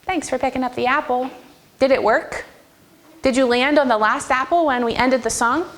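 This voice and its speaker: A woman music teacher with a voice that sits high leads young children at a moderate pace in a school classroom, using encouraging, sing-song call-and-response prompts.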